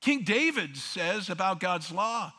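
Bright-voiced preaching man, echoing hall. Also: high voice, lively intonation, slow pace. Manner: emphatic, rhetorical questions, repeats words for stress. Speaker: pastor. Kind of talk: sermon.

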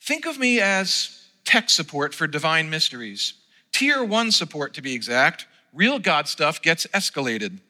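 A man voicing a calm, polite male divine help-desk agent with a British accent, in a sermon story told in a church hall. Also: fairly high pitch, measured pace, full character voice. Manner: polite, unflappable customer-service tone.

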